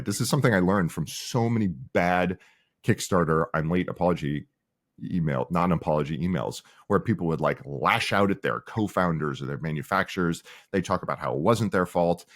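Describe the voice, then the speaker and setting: A man's voice: low voice, brisk. A middle-aged man, a company founder, talking casually in an interview and acting out the people he quotes. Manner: animated storyteller, acts out quoted people.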